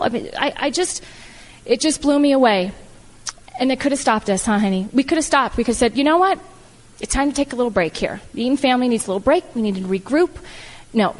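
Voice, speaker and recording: Woman, middle-aged, high voice, heartfelt motivational speech, emphatic repetition, long hall reverb. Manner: heartfelt, animated, repetitive "I love" phrasing. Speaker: speaker at a business event.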